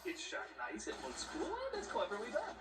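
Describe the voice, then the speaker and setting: A man's voice: very high-pitched, wildly swooping pitch, a little fast. Sarcastic ranting male film critic. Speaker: movie critic. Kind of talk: comedic film review. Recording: played back from far, faint noise.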